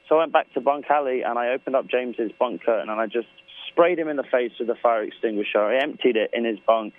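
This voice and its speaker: A man's voice: medium pitch, fast talker, dry recording. An English man talks casually in an interview, joking and rambling through his stories. His voice comes through dry, close and tinny, the way a phone line sounds. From England. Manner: joking, storytelling, loose and rambling. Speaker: guest musician.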